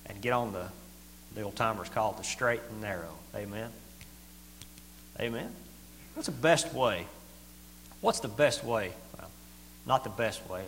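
Folksy preacher in an echoey hall. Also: male voice, fairly low pitch. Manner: folksy and plain-spoken, swings from loud to quiet. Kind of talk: sermon. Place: church hall. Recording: echoey hall with faint hum.

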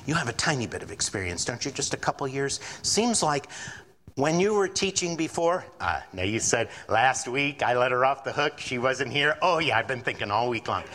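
A man's voice: mid-range voice, normal speed, big-room sound. A man preaching a sermon as pastor, acting out the voices of doubters and worriers as he goes. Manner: animated preaching, acts out quoted doubters.

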